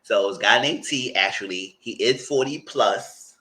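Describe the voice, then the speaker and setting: A man with a New York accent giving a casual, animated recap of a TV episode and acting out what people said. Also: lowish voice, moderate pace, rough recording. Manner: animated storyteller, acts out quotes. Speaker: TV show reviewer.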